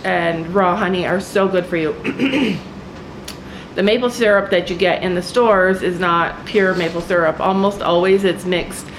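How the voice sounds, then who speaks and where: A woman vlogging outdoors on a snowy farm, chatting excitedly to her viewers and often repeating herself. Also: fairly low pitch, a little slow, slight background noise, low-quality recording. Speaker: vlogger on a family homestead. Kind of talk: casual vlog talk to camera.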